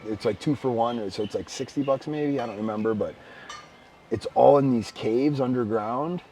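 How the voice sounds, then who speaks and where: A man co-hosting a casual podcast, telling stories with bursts of excited shouting. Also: medium pitch, normal speed, slight background noise. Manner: animated storyteller, bursts of excited shouting when retelling. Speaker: podcast co-host. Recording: slightly distant mic with faint background ambience.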